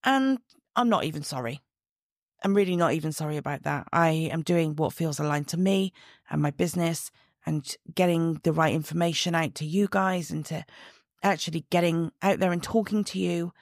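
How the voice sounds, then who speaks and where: A woman hosting her own podcast from home, talking casually and directly into her mic, chatty and quick to laugh at herself. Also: sits low, dry recording, studio quality. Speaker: podcast host and body image coach. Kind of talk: casual solo podcast talk. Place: sitting at home, room lights only.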